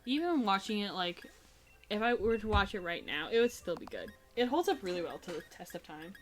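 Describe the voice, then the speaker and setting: A woman's voice: mid-range voice, animated, fairly quick, a crowd in the background. A young woman streaming a video game, chatting in a playful, goofy, joking way. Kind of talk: casual gameplay chat.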